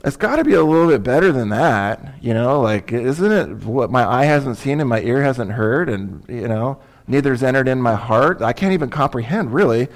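A man's voice: mid-range voice, lively intonation, moderate pace, hardly any pauses. A man preaching a sermon as pastor, conversational and emphatic, with asides and rhetorical questions.

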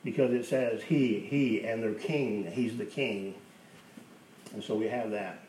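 A man's voice: lowish voice, fairly even intonation, unhurried, a little mellow. A man preaching a sermon as pastor, emphatic, repeating key phrases for effect. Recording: roomy, distant mic with faint hiss.

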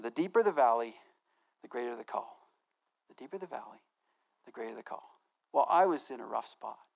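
Middle-aged male pastor, animated sermon delivery, acts out quotes, softens for stories. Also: on the high side, gravelly. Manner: lively, acts out quotes with laughs.

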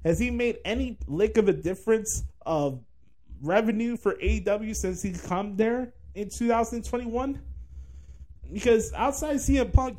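A man's voice: high-pitched, darkish tone. A man hosting a podcast, giving a blunt, profane, sarcastic wrestling commentary rant. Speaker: podcast host.

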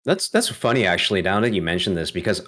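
Brief: male podcast host, low voice with a swooping, lively pitch, giggly and curious. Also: quick pace. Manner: laughs often, asks playful questions. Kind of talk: casual chat.

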